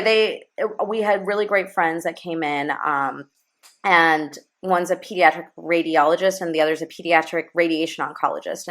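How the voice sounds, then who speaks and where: A woman's voice: fairly low pitch, a bit bright. A woman in her thirties telling an emotional personal story as a podcast guest, rambling with fillers and restarts. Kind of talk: candid storytelling in an interview.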